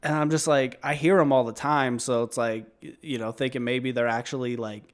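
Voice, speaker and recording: A man co-hosting a podcast in casual chat, rambling with many fillers and trailing off softly. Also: medium pitch, steady tone, fairly quick. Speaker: podcast co-host.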